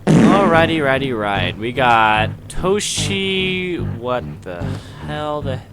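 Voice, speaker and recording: A man reviewing anime in a casual, rambling monologue that flares into excitable, profane rants. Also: medium pitch, takes it slowly, very noisy. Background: background music.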